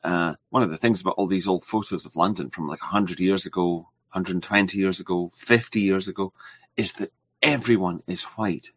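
Deep husky-voiced man hosting a chat. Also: fairly quick, no echo, studio quality. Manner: relaxed, rambling, hesitant. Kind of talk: casual conversation.

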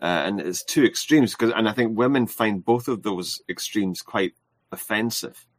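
Agreeable, slightly hesitant man in casual talk, low voice, dry close sound. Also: moderate pace, no echo. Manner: agreeable, hesitant, with fillers and restarts. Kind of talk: casual chat.

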